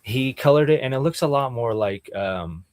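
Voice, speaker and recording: A man's voice: medium pitch, expressive, normal speed, a little mellow, no room sound. A man co-hosting a casual podcast, explaining details with enthusiasm and peppering his talk with "like" and "dude.". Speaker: podcast co-host. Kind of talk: casual comic-book discussion.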